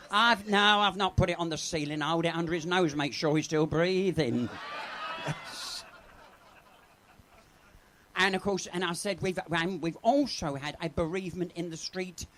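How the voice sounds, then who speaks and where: Drag act doing saucy pub jokes, voice up and down all over, bit high. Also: male voice, a bit bright, slight background noise. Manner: bawdy, chatty, teases the audience. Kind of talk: live stand-up comedy. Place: pub stage with a live audience.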